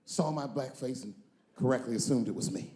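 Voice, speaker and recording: A male comedian telling a long story on stage, moving between loud punchlines and low, drawn-out asides. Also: roomy sound. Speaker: stand-up comedian.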